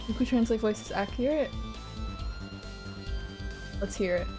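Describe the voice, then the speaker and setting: A woman's voice: on the high side, unhurried, over music. A young woman streamer giggling and swearing casually while playing and reading game dialogue aloud.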